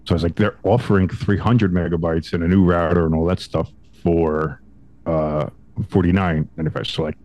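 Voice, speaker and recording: A young man co-hosting a sports podcast, telling a story in casual chat, acting out quotes with big swings in pitch and some swearing. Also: steady tone, fairly quick, a little mellow. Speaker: podcast co-host.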